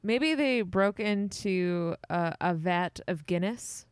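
A woman co-hosting a podcast, speaking unhurriedly in a smooth, clear voice. She drops playful, deadpan quips and restarts sentences as she thinks. Her voice is dry and close to the mic. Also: fairly low pitch, slow pace, dry recording. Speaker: podcast co-host. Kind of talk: casual chat.

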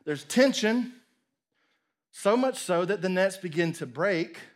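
Guy preaching, animated storytelling, does little voices, goes real quiet then loud, kinda high voice. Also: takes it slowly. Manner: animated storytelling, acts out voices, drops to near whisper. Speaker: pastor. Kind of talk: sermon.

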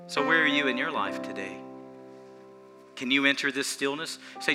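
A pastor preaching an earnest, animated sermon in a church, repeating phrases for emphasis and chuckling between points. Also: male voice, mid-range voice, moderate pace, over music.

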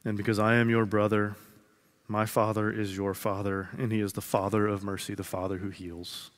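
A man in his thirties preaching a sermon to his congregation, earnest, repeating phrases slowly for emphasis and dropping from loud to hushed. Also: on the low side, little pitch movement. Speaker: pastor. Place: large church sanctuary. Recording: long reverb of a large hall.

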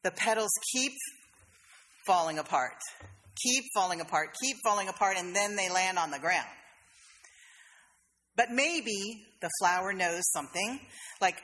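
A woman's voice: mid-range voice, expressive, a little slow, long pauses, fairly bright tone, in a large hall. A woman pastor, preaching a sermon in a conversational, storytelling way with playful asides. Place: church sanctuary.

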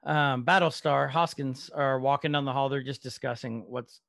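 A man co-hosting a casual TV-show podcast, talking in an animated way and laughing often. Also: mid-range voice, moderate pace, gravelly, no room sound, studio quality. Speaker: podcast co-host. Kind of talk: casual chat.

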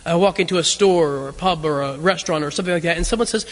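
High-voiced man preaching in a reverberant hall. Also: a bit bright. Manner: halting, repeats words often as he tells a story. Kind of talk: sermon told as a conversational story. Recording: long reverb of a large hall.

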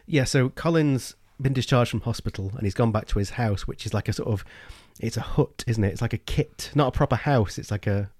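A man in a relaxed book discussion, his voice sitting mid-range for a man. He gets animated as he explains, restarting his thoughts as he goes. The sound is dry and close. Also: mid-range voice, brisk, hardly any pauses, dry recording. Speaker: podcast co-host.

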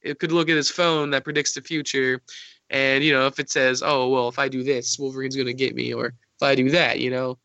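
A man's voice: mid-range voice, flat delivery, fairly quick, bright, forceful tone, no room sound, highs cut off. A man co-hosting a podcast, rambling through a silly hypothetical with lots of fillers. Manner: rambling, filler-heavy speculation. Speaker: podcast co-host. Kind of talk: casual chat.

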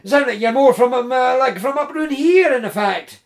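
A man voicing a big, bearded, jovial male tree surgeon with a Scottish accent, loud and teasing. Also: very high voice, animated, moderate pace, pitched above the performer's own voice.

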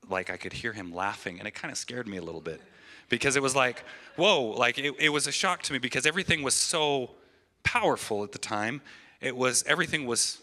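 A man's voice: medium pitch, pushed and bright. A man in his thirties giving an earnest, emotional testimony in a church sermon, often restarting his phrases. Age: 30s.

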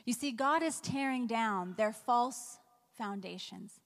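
Woman pastor, fairly high voice, casual sermon delivery, recorded in a reverberant sanctuary. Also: takes it slowly. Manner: conversational preaching with rhetorical questions.

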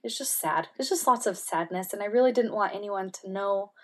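A woman speaking as an interview guest, telling a personal story candidly with many "like" fillers and softening at times to a near-whisper. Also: mid-range voice, brisk. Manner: candid, heavy use of "like" fillers; emotional, drops to soft near-whispers.

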